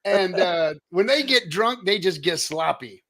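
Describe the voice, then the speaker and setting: A man's voice: high voice, lively intonation, a little slow, crowd noise. Rambling, hyped male stream host. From United States. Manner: rambling, with many fillers and restarts; jokey and hyped. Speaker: show host. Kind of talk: casual live-stream chat.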